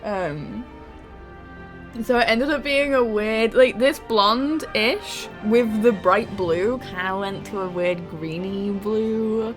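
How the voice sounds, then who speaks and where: With faint music behind her, a young adult woman talks casually with viewers during a game live stream. She takes it slowly in a mid-range voice, laughing a lot and swearing freely.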